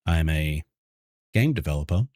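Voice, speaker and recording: An Australian man from Brisbane, a variety streamer and game developer, chatting casually with his viewers and greeting them by name. He often keeps his voice hushed so the game won't hear him. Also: very deep voice, expressive, normal speed. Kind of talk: casual livestream chat with viewers.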